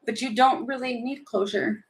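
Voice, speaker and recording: Woman tarot reader, slightly high voice, chatty, rambling, opinionated, casual live reading. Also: fairly even intonation, normal speed, heavy background noise.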